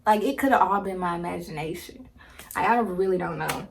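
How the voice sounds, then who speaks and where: A woman in her twenties, a vlogger telling a casual story to a phone camera, slangy and animated, laughing as she talks. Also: on the low side, fairly quick, vocal fry. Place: indoors, home filming with ring light.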